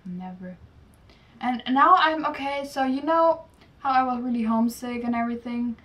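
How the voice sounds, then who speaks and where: Teen girl, slightly high. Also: normal speed, a bit bright. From Germany. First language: German. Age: late teens. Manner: chatty storytelling, often restarts. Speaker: exchange-student vlogger. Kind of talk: casual chat. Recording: voice from a distant mic.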